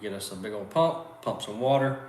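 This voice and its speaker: A man in his forties with a Southern US drawl, hosting a casual livestream chat in a relaxed, drawn-out way. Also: lowish voice. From American South. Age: 40s. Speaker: channel host. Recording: echoey room with faint noise.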